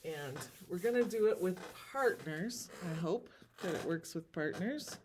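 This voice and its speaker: A woman teacher giving a recorded lesson, sounding out words slowly and carefully. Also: fairly low pitch, animated, a little mellow, slight background noise. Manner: slow, drawn-out word sounding.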